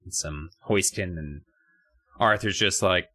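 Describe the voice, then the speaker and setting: A man's voice: lively intonation, a little slow, fairly bright tone. A man co-hosting a podcast, casually and jokingly recapping a book with profanity. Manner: joking, profane, acts out characters with big pitch jumps. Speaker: podcast co-host.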